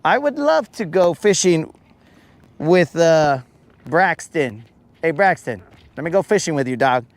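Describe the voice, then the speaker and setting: A man's voice: on the high side, animated, unhurried, dry recording. A man hosting a fishing show, joking around casually on a boat and calling people bro and dog. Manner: slangy, joking, keeps saying bro and dog.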